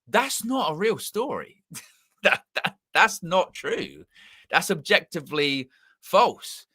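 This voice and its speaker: A man's voice: high-pitched, big pitch swings, slow, bright, forceful tone, breathy edge, no echo, studio quality. A man hosting a football fan stream in casual live chat, with a mixed English accent, rambling and repeating himself as he corrects his words. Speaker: football channel host.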